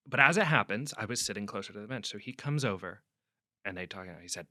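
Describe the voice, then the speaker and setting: A man's voice: on the low side, quick pace, no echo, clean studio sound. A young adult man, a sports reporter guest, telling rambling stories in a conversational interview and acting out quotes. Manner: rambling storyteller, restarts, acts out quotes loudly.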